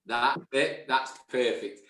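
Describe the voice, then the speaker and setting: A man's voice: mid-range voice, slow pace, bright, forceful tone, echoey room, slight background noise, low-quality recording. A man hosting a chat show, friendly and prone to stammered restarts. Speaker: host. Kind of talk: casual chat.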